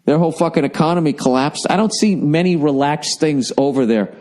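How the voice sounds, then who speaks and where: A man's voice: on the high side, a little fast, darkish tone. A man with an American accent, ranting in a profane, exasperated comic monologue, talking to listeners. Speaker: comedian.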